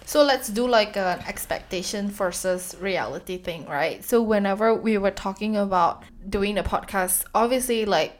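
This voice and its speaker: A woman's voice: medium pitch, moderate pace, few pauses. A woman with a Singaporean accent, co-hosting a casual podcast chat in a laid-back, chatty way. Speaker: podcast co-host.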